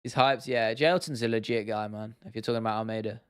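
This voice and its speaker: A man's voice: on the low side, fast talker, clear, resonant tone, no echo, studio quality. Chatty man on a livestream. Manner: relaxed, chatty, answers chat questions with laughs. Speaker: livestream host. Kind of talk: casual livestream chat.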